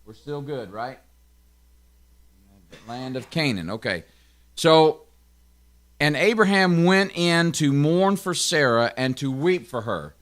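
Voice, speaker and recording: A man with a Tennessee accent giving a conversational Bible study, often checking in with his listeners and adding quick asides. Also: a little high, very animated, fairly bright tone. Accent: Southern US, Tennessee. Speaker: pastor.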